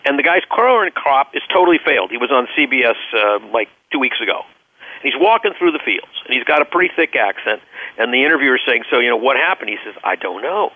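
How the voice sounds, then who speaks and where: A man's voice: mid-range voice, animated, fast, no echo. A man giving an earnest radio interview over the phone, telling stories and often repeating words as he searches for them. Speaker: interview guest, business leader. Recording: dry, tinny phone line.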